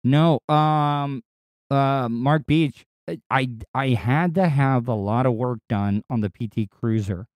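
A man hosting his own podcast in a casual solo monologue, with a distinctive voice that is not deep, talking in a rambling, crude, candid way with frequent restarts. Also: slow, dry recording. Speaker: podcast host and radio personality.

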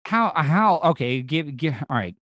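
A man's voice: a little high, animated, unhurried, a bit bright, no room sound. A man with a Southern American accent, a radio host rambling through a casual interview chat with plenty of fillers and restarts. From Southern United States.

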